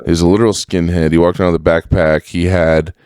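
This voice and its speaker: A man's voice: deep voice, flat delivery, fast, a little mellow, clean tone, no room sound, clean studio sound. A young man hosting a casual podcast monologue, telling a story in a rambling, profane way with lots of fillers and restarts. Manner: profane, rambling, full of fillers and self-corrections. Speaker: podcast host.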